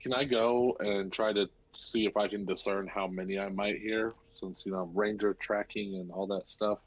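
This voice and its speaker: A husky man with a fairly low voice asks about his moves in a tabletop game, halting and mumbling as he goes. His sound comes through a dull, lo-fi mic. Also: fairly even intonation, dry recording. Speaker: player. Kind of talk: casual tabletop chat.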